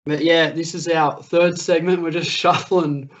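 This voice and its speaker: A man's voice: fairly high pitch, fairly even intonation, a little slow. Chatty Australian man, slightly muffled. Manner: chatty, says mate often. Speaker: podcast co-host. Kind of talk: casual sports podcast chat.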